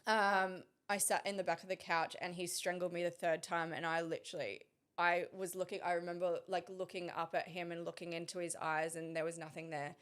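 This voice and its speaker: Interview guest: woman, slightly low voice, hesitant delivery with frequent restarts. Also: little pitch movement, fairly bright tone, smooth. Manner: halting and hesitant, many pauses and restarts. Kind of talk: recounting a personal story in conversation.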